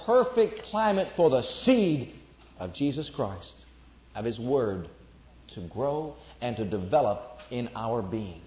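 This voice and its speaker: A man with a mid-range voice preaches a sermon to a congregation in a church, speaking slowly but with great animation, hammering home his declarations and repeating them. The recording is echoey, dull and lo-fi.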